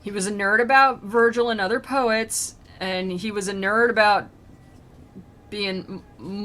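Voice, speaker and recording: A woman's voice: medium pitch, fairly even intonation, measured pace, a bit bright. Sarcastic rambling woman streamer. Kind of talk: casual comedic retelling of a classic poem.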